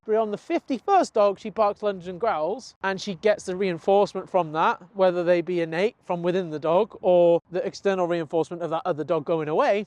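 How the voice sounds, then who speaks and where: A young man from the UK, a dog trainer, giving an earnest, explanatory lesson and acting out his dog's thoughts in quick asides. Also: sits high, darkish tone, no echo. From United Kingdom. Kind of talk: talking-head training lesson.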